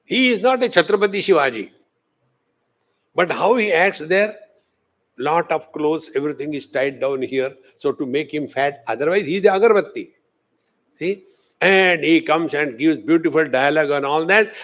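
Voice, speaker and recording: A man with an Indian English accent, speaking as a swami, gives a spiritual discourse in a lecture hall. His pitch is fairly high, and he tells stories in an animated way, acting out the voices of the people in them.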